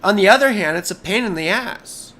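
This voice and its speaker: Hoarse, rambling American astrologer man. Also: high voice, lively intonation, brisk, pushed and bright. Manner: rambling, easily sidetracked, jokey. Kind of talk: live-stream chart reading.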